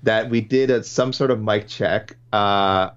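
A low-pitched man co-hosts a loose podcast chat, rambling and correcting himself as he goes and laughing easily along the way. The audio is dull and lo-fi, with muffled highs. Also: steady tone, measured pace, clear, resonant tone. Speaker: podcast co-host. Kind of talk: casual podcast chat about fight matchmaking.

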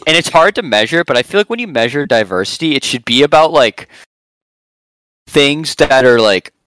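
A man's voice: mid-range voice, lively intonation, moderate pace, fairly bright tone, rough recording. A man from the United States on a podcast, talking animatedly and hedging his points with many fillers. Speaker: podcast co-host. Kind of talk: casual chat.

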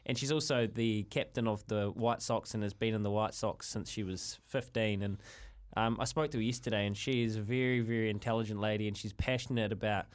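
A man hosting talk radio, speaking in an earnest, measured and thoughtful way. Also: fairly low pitch, fairly even intonation. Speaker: radio host.

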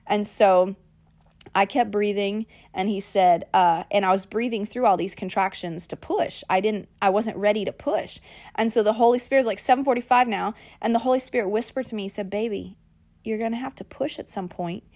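A woman podcast host, telling a personal story in a lively way and calling her listeners y'all and guys. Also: medium pitch, normal speed. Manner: animated, acts out quoted lines.

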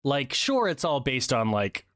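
A man co-hosting a podcast in casual chat, animated, with sudden excited high-pitched bursts. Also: unhurried, clear, resonant tone, dry recording, clean studio sound. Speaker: podcast co-host.

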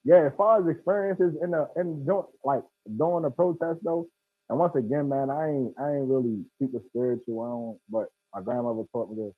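A man's voice: medium pitch, steady tone, a little fast, faint music behind. A man telling a story in emphatic street slang, heard as a guest over a phone line. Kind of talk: casual storytelling.

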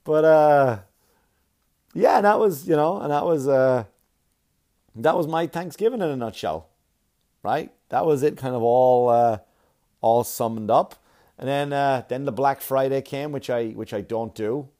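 A man doing a stand-up comedy set, telling stories in a profane, animated way. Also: mid-range voice, measured pace, long pauses. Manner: profane, animated storytelling with exaggerated quoted voices.

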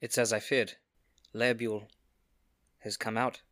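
A man playing his character in a tabletop game, rambling in an unhurried way and laughing at his own lines. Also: on the low side, flat delivery, a bit bright. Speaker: player. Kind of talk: tabletop role-play.

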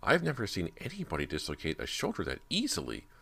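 A man with a very deep voice playing a blunt, fatherly basketball coach in an audiobook. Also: huge pitch swings, fast talker, vocal fry, a bit bright, husky, heavily acted. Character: gruff middle-aged male basketball coach.

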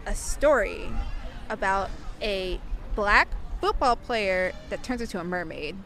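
A young woman telling a story in a casual, animated way, full of fillers and acted-out voices. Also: medium pitch, a little slow, soft background music. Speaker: interviewee.

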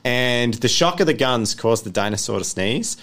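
A man's voice: mid-range voice, lively intonation, normal speed, fairly bright tone. A young man narrating as game master on a tabletop game stream, chuckling as he goes. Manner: chuckles through his narration.

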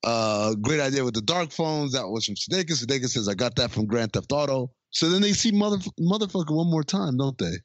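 A man's voice: medium pitch, brisk, few pauses, no echo, dull audio. A man co-hosting a podcast, casually recapping a film scene by scene and quoting its lines. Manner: retells scenes with quoted lines, frequent restarts. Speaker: podcast co-host. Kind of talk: casual movie recap chat.

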